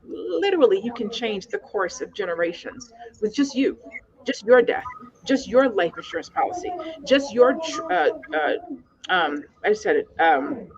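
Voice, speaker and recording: A woman's voice: mid-range voice, big pitch swings, normal speed, dull audio, crowd noise. A woman hosting a panel discussion, speaking earnestly and emphatically, with repeated calls to action. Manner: earnest, emphatic, repetitive exhortations. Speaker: podcast host.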